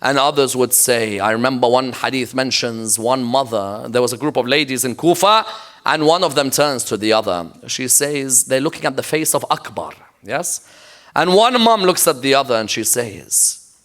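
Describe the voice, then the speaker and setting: A man's voice: medium pitch, expressive, normal speed, fairly bright tone. A man preaching a sermon in a mosque, telling the story emphatically and checking in with the audience with rhetorical questions. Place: mosque lecture.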